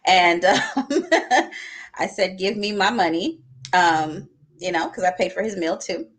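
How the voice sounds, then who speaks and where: A woman's voice: lowish voice, measured pace. A young adult woman on a live panel, telling a story with laughs and acting out the lines she quotes.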